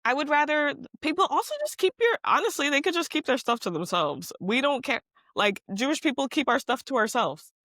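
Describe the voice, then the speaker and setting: A woman co-hosting a podcast in casual chat. She talks in animated, exasperated rants with emphatic outbursts. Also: high voice, a little fast, no echo. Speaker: podcast co-host.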